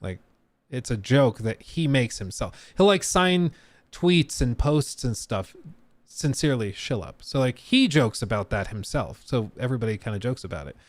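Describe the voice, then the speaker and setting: A man's voice: medium pitch, lively intonation, normal speed, dry recording. A man streaming live, talking casually and answering his chat, with frequent fillers and trailing asides.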